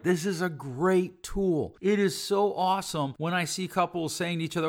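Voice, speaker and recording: A man's voice: sits high, expressive, brisk, few pauses, fairly bright tone. A middle-aged man and relationship coach giving an earnest teaching talk that he fills with sample dialogues. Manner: earnest, explains with example dialogues.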